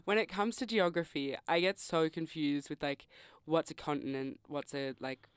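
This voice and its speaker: A young man co-hosting a casual student radio show, agreeable, quick to laugh and full of "like". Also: on the high side, clear, resonant tone, no echo, clean studio sound. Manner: agreeable, laughs often, lots of "like". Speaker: radio co-host. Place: radio studio.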